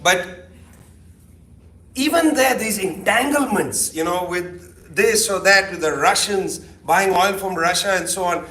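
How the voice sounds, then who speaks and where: A man's voice: high voice, measured pace, slight background noise. A middle-aged man giving a keynote talk in a loose, sardonic, conversational way, full of asides. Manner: animated, sardonic, peppered with asides. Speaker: keynote speaker. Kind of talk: conversational lecture. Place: lecture hall. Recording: echoey hall, distant mic.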